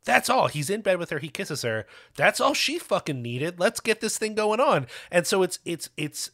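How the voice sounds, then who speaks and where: A man co-hosting a film podcast, chatting casually and animatedly, swearing and talking in quick bursts. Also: high voice, expressive, pushed and bright. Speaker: podcast co-host. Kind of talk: casual chat.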